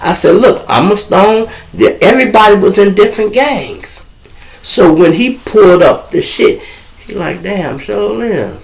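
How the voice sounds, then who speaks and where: A man's voice: high voice, normal speed, poor audio. A man with a Chicago accent, hosting his own show and telling a story in casual, slangy street talk, acting out the other people's lines. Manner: animated, acts out other people's voices in dialogue.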